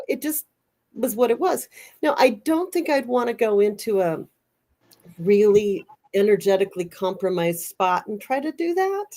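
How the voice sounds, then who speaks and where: A woman's voice: on the high side, a little mellow. A woman hosting a podcast in casual chat, a rambling storyteller who often restarts her sentences. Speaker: podcast host.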